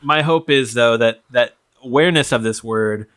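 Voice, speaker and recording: A man on a comedy podcast, playful and quick to break into song lines. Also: medium pitch, fairly bright tone. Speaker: podcast panelist.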